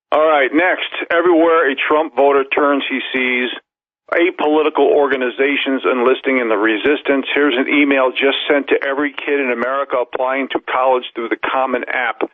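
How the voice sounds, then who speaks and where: A man's voice: mid-range voice, no room sound. A man giving emphatic talk radio news commentary, reading articles aloud and stacking up long lists of points. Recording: tinny phone-line audio, dry.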